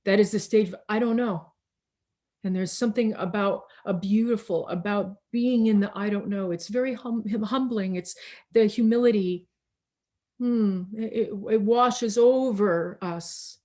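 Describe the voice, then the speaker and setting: A woman's voice: medium pitch, darkish tone. Reflective woman minister preaching over video call. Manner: slow, reflective, with many restarts and pauses. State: tired.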